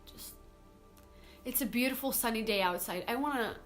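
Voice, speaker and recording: A woman's voice: fairly high pitch, a bit bright, soft background music. A young woman talking earnestly to camera in a casual vlog, full of "like" and "you know". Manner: earnest, talks fast with fillers like "like" and "you know". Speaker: vlogger. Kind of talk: casual confessional monologue to camera.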